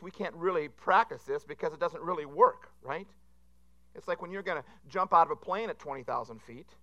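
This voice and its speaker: Male pastor, sermon delivery, self-deprecating humor, high and bright. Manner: rambling, self-deprecating joke-telling.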